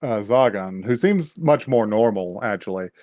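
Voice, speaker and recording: A man's voice: fairly low pitch, expressive, normal speed, darkish tone, dry recording. A man hosting a podcast, recapping an anime episode in loose, profane, laughing chat. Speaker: podcast host.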